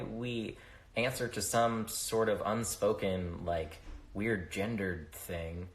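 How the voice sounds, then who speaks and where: A young man hosts a loose, casual livestream into his phone, answering viewer questions, swearing freely and losing his train of thought. His voice is on the low side, slow, with fairly even intonation. The recording has a roomy echo.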